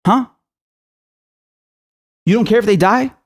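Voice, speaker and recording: A man's voice: high voice, slow. Furious, profane man ranting about politics. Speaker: political commentator. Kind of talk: angry political rant.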